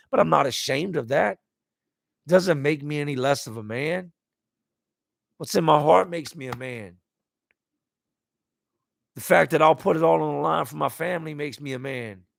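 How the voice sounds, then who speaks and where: Male live-stream host, gravelly voice, dry close sound; candid, emotional, blunt, swears, restarts words. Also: a little high, dry recording. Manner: candid and emotional, repeats words when searching for them. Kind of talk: live stream, reading out viewer comments.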